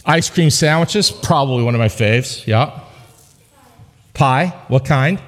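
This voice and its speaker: A man's voice: mid-range voice, lively intonation, slow pace, a bit bright, long reverb tail. A man preaching a sermon in a church, conversational and joking with the congregation, driving points home with emphatic repetition. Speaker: pastor. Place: church sanctuary.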